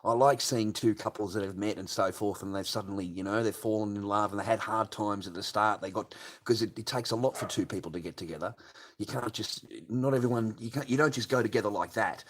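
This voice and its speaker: A man's voice: fairly low pitch, fairly quick. An older man hosting a late-night livestream, ranting crudely and swearing constantly. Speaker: livestream host.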